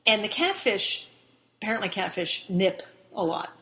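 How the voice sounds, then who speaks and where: A woman's voice: mid-range voice, expressive, normal speed, a bit bright. A middle-aged woman, a guest in an interview, telling a long story casually, rambling with restarts and fillers, sometimes laughing as she talks.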